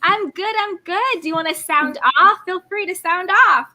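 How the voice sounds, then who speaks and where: A woman's voice: very high-pitched, normal speed, sharp tone. A young American woman hosting a live chat, reading out viewer comments and giving her take. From United States. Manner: chatty, reads out viewer comments. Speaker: livestream host.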